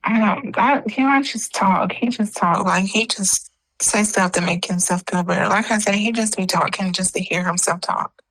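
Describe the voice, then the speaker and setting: Woman, interview guest, bright voice, hesitant, lots of fillers. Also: mid-range voice, normal speed, low-quality recording. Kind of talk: casual chat.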